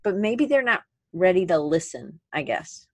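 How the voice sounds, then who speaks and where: A woman's voice: lowish voice, big pitch swings, moderate pace, darkish tone, no echo. A woman co-hosting a podcast in casual chat, rambling and correcting herself as she goes. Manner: rambling, self-correcting, chatty. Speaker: podcast co-host.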